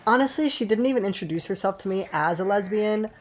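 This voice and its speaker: Fast and lively in intonation, a high-voiced man in his twenties tells a rambling, cursing story while gaming, with faint background noise present. He repeatedly addresses viewers directly in this casual storytime.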